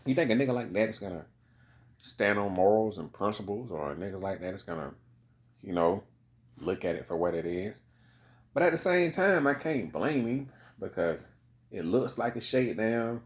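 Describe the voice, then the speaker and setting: A man's voice: fairly low pitch, sing-song, moderate pace. A man giving a rambling, casual commentary monologue, full of profanity and repeated "you know what I mean" asides.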